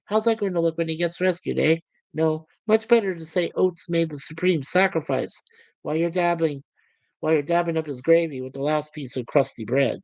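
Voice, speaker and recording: A woman's voice: deep voice, a little fast, darkish tone, no room sound. A woman voicing a smug, cynical male officer who rants in a sneering way. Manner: sneering, ranting.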